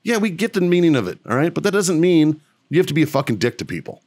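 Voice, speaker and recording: A man's voice: on the high side, big pitch swings, fast talker, darkish tone, dry recording. A middle-aged man co-hosting a podcast, delivering a blunt, heavily profane rant with strong emphasis. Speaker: podcast co-host.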